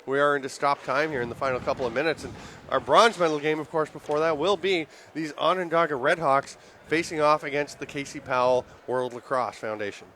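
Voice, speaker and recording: A man calling live lacrosse play-by-play in rapid, excitable bursts that rise on goals, his voice worn and giving out. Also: a little high, a little hiss or hum. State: voice giving out, throat clearing. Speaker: play-by-play commentator.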